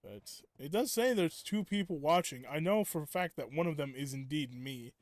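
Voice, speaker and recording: A young man streaming a game and talking off the cuff, his voice sitting a little high for a man. He rambles and restarts his sentences, leaning on fillers as he goes. The sound is close and dry, with almost no room echo. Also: expressive, moderate pace. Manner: rambling, filler-heavy, self-interrupting storytelling. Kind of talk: casual live-stream chat.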